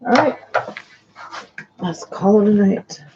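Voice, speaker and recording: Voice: medium pitch, slow pace, background noise. Rambling lo-fi sewing-stream host. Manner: rambling, trails off and restarts mid-sentence. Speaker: sewing vlogger on a live stream. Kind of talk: casual live-stream chat while sewing. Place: home sewing space. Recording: dull lo-fi live-stream audio.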